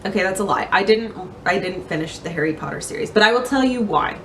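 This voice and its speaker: A young woman talking casually into a camera mic in a room lined with bookshelves, chatty and self-mocking. Her voice sits at an ordinary middle pitch, and she laughs often between lines. Faint room ambience hangs behind her. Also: lively intonation, quick pace, slight background noise. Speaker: book vlogger.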